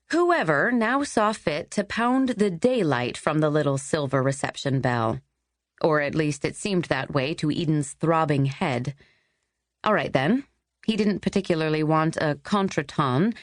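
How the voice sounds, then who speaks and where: A woman narrating an audiobook in a wry, even storytelling manner. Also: sits low, no room sound, studio quality. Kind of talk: scripted narration.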